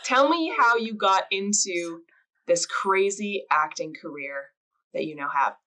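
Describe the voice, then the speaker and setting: A woman's voice: medium pitch, expressive, measured pace, bright, forceful tone, rough recording. A Canadian woman with a Canadian accent, hosting a podcast interview in a friendly, conversational way. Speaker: podcast host.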